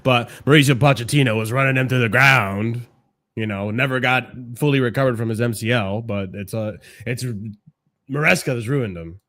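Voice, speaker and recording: A man casually reacting to football clips, swearing and ranting excitably. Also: mid-range voice, moderate pace.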